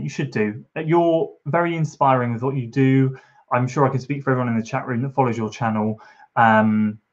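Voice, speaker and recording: A man's voice: mid-range voice, highs cut off. A man chatting casually on a live stream from his home kitchen, reading out and answering chat comments, encouraging and rambling with fillers.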